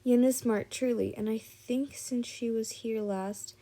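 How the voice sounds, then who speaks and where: A tired woman reading an earnest young man's lines, unhurried and soft-toned. The voice sits a little high and mellow. Lines come slowly, with small restarts. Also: fairly even intonation. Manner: slow, with frequent restarts. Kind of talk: reading a fan fiction listener story aloud.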